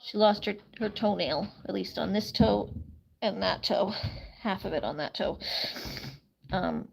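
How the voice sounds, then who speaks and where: A woman chatting casually on a live stream, full of fillers, cooing softly to her hen while she tends it. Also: medium pitch, measured pace, creaky, slightly rough. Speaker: streamer caring for her animals.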